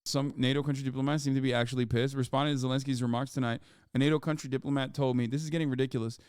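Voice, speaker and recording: A man's voice: mid-range voice, level tone, racing, clear, resonant tone, no room sound, studio quality. Profane, exasperated male streamer. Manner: profane, exasperated rants, reading news aloud. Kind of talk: live stream reaction commentary.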